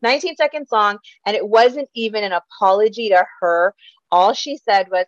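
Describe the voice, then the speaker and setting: A woman's voice: mid-range voice, moderate pace, no room sound, highs cut off. A woman co-hosting a podcast, chatting casually about celebrity gossip with lots of swearing and laughter. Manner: profane, animated, laughs a lot. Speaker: podcast co-host.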